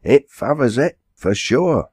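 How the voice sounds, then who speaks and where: A man's voice: mid-range voice, lively intonation, slow, a little mellow, slightly rough, no echo, clean studio sound, voice pushed up. A man voicing a cheery, hungry old yard servant with a broad Lancashire dialect, jovial and sing-song, in an audiobook. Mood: hearty.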